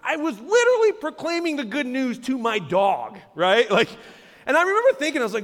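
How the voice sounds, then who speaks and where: A man, a pastor preaching a sermon in a conversational, animated way with asides to the congregation. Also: very high voice, a little fast, long reverb tail. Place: large church auditorium.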